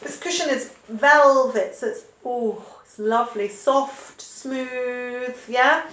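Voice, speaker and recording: A high-voiced woman teaches spelling to learners, taking her time and spelling words out letter by letter. She is heard in an echoey room. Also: fairly bright tone. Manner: patient, explains slowly, spells words out letter by letter. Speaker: English teacher. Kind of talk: online English spelling lesson.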